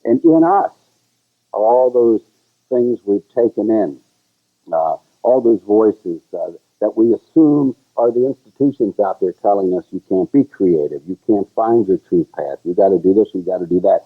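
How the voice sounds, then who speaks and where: Male co-host, husky storyteller, tinny phone-like recording. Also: normal speed. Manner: animated storyteller who sings high "la la" bits. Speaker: show co-host. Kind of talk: casual storytelling chat.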